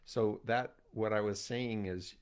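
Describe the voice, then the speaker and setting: An older man hosting a conversational interview, talking about his work and telling stories in an animated way. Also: on the low side, a little slow, clean tone. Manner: animated storytelling, acts out quoted voices. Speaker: host, cult expert.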